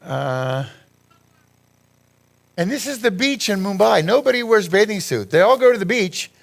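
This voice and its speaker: A man's voice: sits high, big pitch swings, normal speed, vocal fry. A man giving a rambling, chatty talk over a slideshow, laughing at his own jokes. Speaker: guest speaker at a church gathering.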